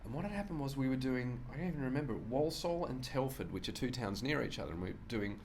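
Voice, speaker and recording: A comedian, telling lively anecdotes in a casual interview, often laughing and acting out voices. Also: male voice, mid-range voice, quick pace, a little hiss or hum. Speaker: comedian guest. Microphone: shared handheld microphone.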